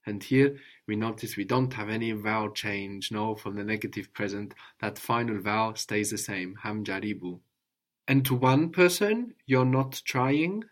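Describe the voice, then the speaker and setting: Male tutor, calm and patient; drills the student with short prompts and tag questions. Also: fairly low pitch, moderate pace. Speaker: language teacher. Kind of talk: one-on-one language lesson.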